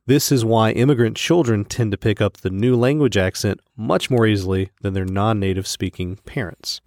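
A man's voice: fairly low pitch, normal speed, a little mellow, no echo. A man co-hosting a casual educational podcast, reading out facts in a dry, wry, straight delivery. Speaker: podcast co-host. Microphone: studio microphone.

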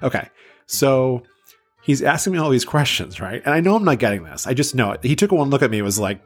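A man's voice: medium pitch, lively intonation, brisk, soft background music. A man in his thirties, from south of Boston, hosting a podcast and telling a story in a chatty, self-deprecating way with many fillers. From south of Boston, USA. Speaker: podcast host.

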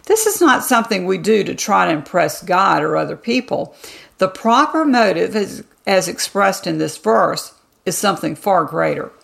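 Female devotional host, mid-range voice with heavy fry, calm measured scripted delivery. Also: medium pitch.

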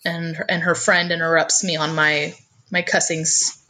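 A woman's voice: deep voice, flat delivery, measured pace, pushed and bright. A woman telling a personal family story in conversation, earnest and often repeating her first words as she goes.

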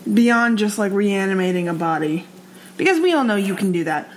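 A woman's voice: mid-range voice, expressive, brisk, slight background noise, poor audio. A young woman co-hosting a podcast, chatting casually, hesitant and teasing with lots of fillers. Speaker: podcast co-host. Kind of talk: casual chat.

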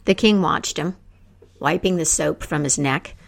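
A woman telling a folk tale aloud, acting out the characters with lively voices. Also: low-pitched, measured pace, creaky. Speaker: storyteller. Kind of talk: oral storytelling.

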